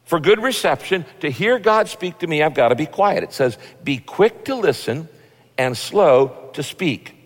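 A pastor preaching a sermon in a relaxed, folksy, conversational way, acting out little quotes as he goes. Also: fairly high pitch, unhurried, in a large hall.

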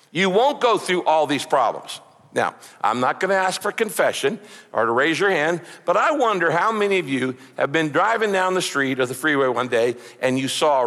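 Pastor, male, slightly high voice, emphatic sermon delivery in a reverberant hall. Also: a bit bright. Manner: emphatic preaching, rhetorical questions, repeats words.

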